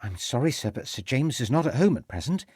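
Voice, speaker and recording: A man voicing a polite, deferential young housemaid speaking quickly. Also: mid-range voice, big pitch swings, darkish tone, breathy edge, dry recording, studio quality, pitched above the performer's own voice.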